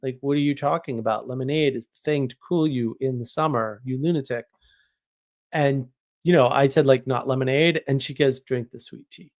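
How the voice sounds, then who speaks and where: A man's voice: medium pitch, normal speed, a little mellow. A man from New England hosting a live stream, chatting casually, rambling and joking with exaggeration as he answers viewers. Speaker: live stream host reading chat.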